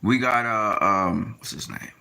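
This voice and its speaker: A man talking casually in a rambling monologue, often pausing with fillers as he tries to recall names. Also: lowish voice, gravelly, pushed and bright. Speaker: boxing commentator.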